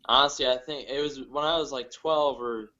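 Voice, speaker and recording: A young man from northern Ohio with a Midwestern accent, a guest comedian telling his story in halting, hesitant bits. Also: medium pitch, steady tone, bright, forceful tone, lo-fi sound. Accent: Midwestern American. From northern Ohio, USA. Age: young adult. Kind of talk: casual interview chat.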